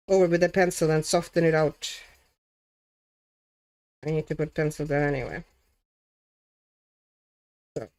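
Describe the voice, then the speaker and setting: A woman from Latvia hosting a relaxed livestream, chatting easily, reading comments, and thinking aloud as she colours. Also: medium pitch, smooth. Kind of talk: casual livestream chat.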